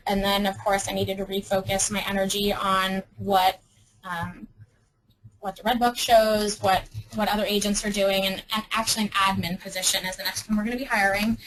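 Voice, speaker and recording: A woman's voice: mid-range voice, a bit bright, low-quality recording. A young woman giving a casual, upbeat webinar talk with many ums and restarts. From Arizona. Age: young adult. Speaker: webinar presenter.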